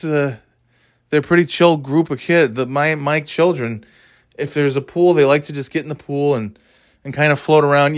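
A man's voice: mid-range voice, dry recording, studio quality. A middle-aged man telling a story in a casual monologue, swearing often in a sardonic, ranting way.

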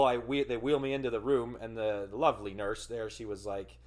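Male podcast host, mid-range voice, casual monologue, profane and rambling, fumbles words, loud animated bursts. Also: medium pitch, a little fast. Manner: animated retelling with loud outbursts.

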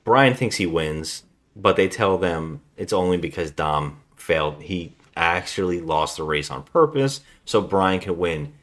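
Male podcast host, very low voice, rambling plot recap. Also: unhurried. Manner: rambling, relaxed storytelling with frequent restarts. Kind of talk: casual chat recapping a movie plot.

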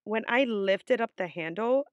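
A woman's voice: medium pitch, animated, measured pace, no echo, lo-fi sound. A young adult woman vlogger telling a story in a casual, chatty way, full of swearing and "like" fillers.

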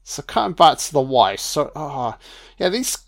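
A man's voice: on the high side, very animated, normal speed, creaky, fairly bright tone. Sweary, chatty man. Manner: profane, chatty, laughs often. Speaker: film commentator. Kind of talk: casual audio film commentary.

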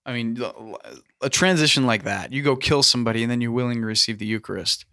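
A man in casual discussion, talking earnestly with many restarts and pauses. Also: mid-range voice, pushed and bright. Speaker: podcast host.

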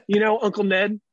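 A man in his thirties, a podcast co-host, swearing and laughing as he tells animated stories in casual chat. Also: high-pitched, dry recording, muffled recording. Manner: animated storyteller, swears a lot, laughs often.

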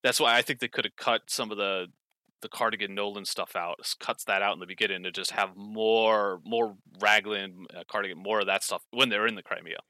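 Guy on a podcast, lowish voice, dry close sound, keeps correcting himself mid-sentence. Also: steady tone, a little fast, bright, forceful tone, no echo. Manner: rambling, frequent self-corrections and fillers. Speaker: podcast co-host explaining history. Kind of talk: casual podcast chat.

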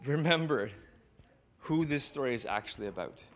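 A man preaching as a pastor, retelling a scripture story in a reflective way with dramatic pauses. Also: mid-range voice, animated. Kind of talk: sermon storytelling.

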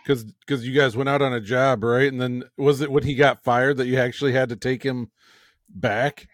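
A man's voice: mid-range voice, fairly even intonation, dry recording, clean studio sound. Hesitant man chatting on a podcast. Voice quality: halting, restarts often, laughs along. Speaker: podcast co-host. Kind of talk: casual chat.

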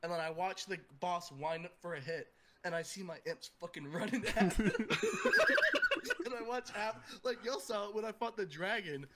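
A man's voice: high-pitched, moderate pace, very noisy. A man with a slightly raised voice chats casually about games with friends. He laughs often and swears easily as he tells his story. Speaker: podcast co-host. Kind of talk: casual gaming chat.

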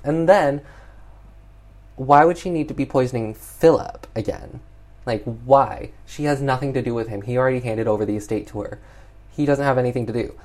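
A casual, exasperated reviewer walks through a film's plot, peppering every sentence with "like" and "um." The voice sits at an ordinary middle pitch. The delivery is loose, rambling and openly fed up. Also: moderate pace, darkish tone. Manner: chatty, exasperated, heavy use of "like". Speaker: film reviewer. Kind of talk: casual film recap.

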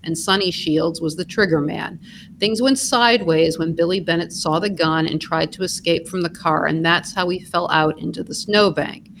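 A woman's voice: sits low, a little hiss or hum, poor audio. A woman co-hosting a podcast, narrating scripted true crime with dry, blunt asides. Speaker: podcast co-host.

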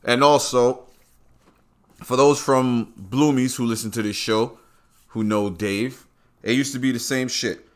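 A Brooklyn man with a New York accent hosts his own podcast, giving a casual monologue of blunt, profane storytelling and swearing freely. His medium-pitched voice stays steady in tone, a little slow, with frequent pauses.

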